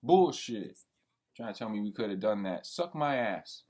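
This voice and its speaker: A man's voice: on the low side, lively intonation, a little fast. Heated profane young man venting. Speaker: vlogger. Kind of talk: venting monologue.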